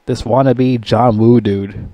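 A man's voice: mid-range voice, fairly even intonation, slow, dark tone, dry recording, muffled recording. A man giving a casual, rambling movie review, swearing a lot and laughing at his own jokes. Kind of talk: casual rant.

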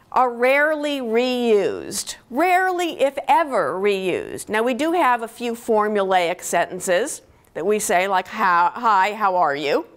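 Woman professor lecturing in a hall; a higher voice and slow deliberate pace, explaining patiently with "okay?" check-ins. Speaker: linguistics professor giving a lecture. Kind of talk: university lecture.

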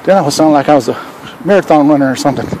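An older man from Texas walks a city street filming a casual vlog, chatting and rambling to his viewers. His voice is fairly high and very fast, and loud street and wind noise fill the recording.

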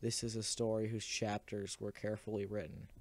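A man reading the part of a calm, ominous female cult leader, pronouncing each line solemnly. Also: fairly low pitch, a little fast, close to an everyday voice.

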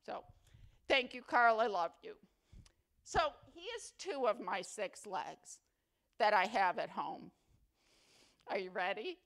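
A woman's voice: mid-range voice, lively intonation, slow pace, creaky, pauses often, a bit bright. A woman giving an award acceptance speech at a ceremony, chatty, playfully humorous and sentimental. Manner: affectionate, sentimental. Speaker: faculty award recipient.

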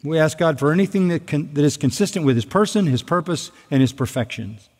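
A male pastor delivers an expository sermon with an emphatic, repetitive cadence, doubling back on key phrases for weight. His voice sits on the higher side for a man. A long hall reverb trails every line. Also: expressive, a little fast, darkish tone.

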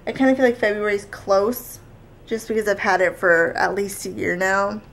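A young woman vlogging in casual chat, talkative and quick to argue. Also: mid-range voice, fairly even intonation, gravelly. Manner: chatty, argumentative, quick back-and-forth.

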